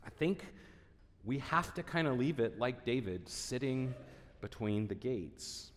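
A man preaching a sermon as pastor, earnest, reading scripture and dropping to a hushed voice for sorrowful passages. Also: medium pitch, lively intonation, unhurried, long reverb tail.

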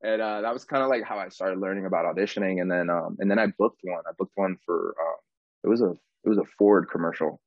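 A man guest on a podcast, telling his story in a casual, animated way, saying "bro" often and acting out what people said. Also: sits low, quick pace, no room sound, dull audio. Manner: animated, says "bro" a lot, acts out quotes.

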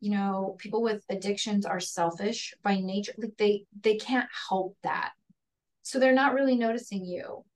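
A woman's voice: medium pitch, steady tone, normal speed. A woman guest on a podcast, talking candidly and earnestly about raising children, often laughing and acting out voices. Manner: earnest, laughs often, acts out her child's and her own words. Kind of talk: candid conversational chat. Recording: voice a bit far from the mic.

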